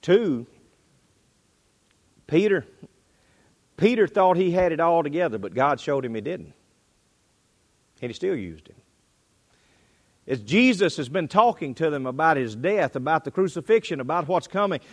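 A man preaching a sermon, swinging between loud bursts and quiet drops. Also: very animated, normal speed, long pauses. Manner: dynamic delivery, pitch and volume rising and dropping.

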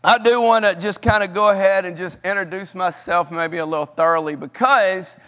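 A man's voice: high-pitched, fairly even intonation, moderate pace. A man with a Southern accent, a guest student pastor preaching in a church with folksy, rambling storytelling. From Mississippi hills. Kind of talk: prayer and sermon. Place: church sanctuary. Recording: long church hall reverb, soft guitar.

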